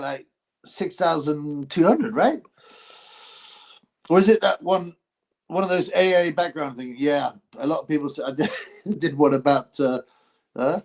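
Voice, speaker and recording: A middle-aged man from England hosting a casual livestream, reading viewer comments in a rambling, animated way with frequent restarts. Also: fairly high pitch, creaky. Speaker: livestream host.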